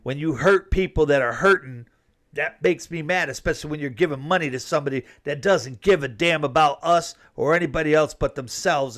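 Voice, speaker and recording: Fired-up man ranting, slightly high voice. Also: a bit bright. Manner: fired up and indignant, says "man" often. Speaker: commentator. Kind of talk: ranting opinion monologue.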